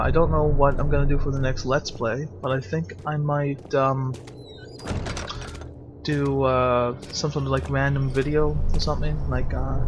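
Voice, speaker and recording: A man's voice: mid-range voice, highs cut off, background noise. A young man giving casual gameplay commentary as a let's player, jumpy and swearing with frightened outbursts. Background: game music.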